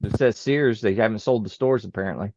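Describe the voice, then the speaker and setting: A man's voice: fairly low pitch, fairly quick, a little mellow, no echo, muffled recording. A man hosting a podcast in casual chat, reacting often and laughing along. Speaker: podcast host.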